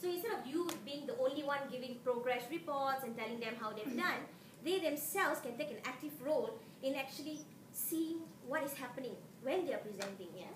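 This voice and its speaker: A woman's voice: high-pitched, expressive, fairly quick. A woman lecturer, giving a chatty conference talk that keeps checking in with her audience. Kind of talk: conference presentation. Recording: roomy, distant mic, noisy hall.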